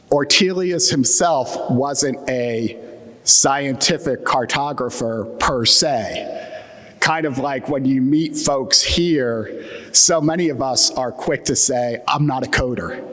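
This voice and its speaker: In a reverberant conference hall, a man from the Mid-Atlantic US delivers a joking, wry keynote peppered with fillers. His medium-pitched voice is a bit bright, he carries that region's American accent, and he takes his time.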